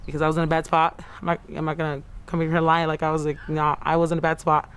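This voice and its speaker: A woman in her thirties being interviewed for the news. She recounts her story in a halting, repetitive way, often acting out her own quoted words. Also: low-pitched, level tone, smooth. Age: 30s. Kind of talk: personal account in a news interview.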